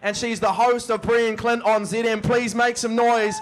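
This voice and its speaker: An upbeat man hosts a live show from a pub. His voice is fairly high for a man, and he moves briskly from introducing the guest to asking her questions. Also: level tone. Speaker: host.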